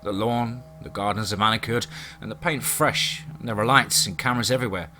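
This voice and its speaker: A man narrating a first-person horror story in a dramatic, measured reading. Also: fairly low pitch, pushed and bright, a little hiss or hum.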